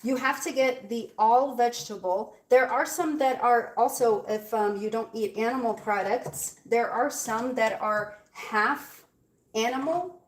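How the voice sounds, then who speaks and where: A woman's voice: fairly high pitch, a little slow. A woman hosting a live baking stream from her home kitchen, chatting casually and bluntly with her viewers as she works. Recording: loud hiss and appliance noise.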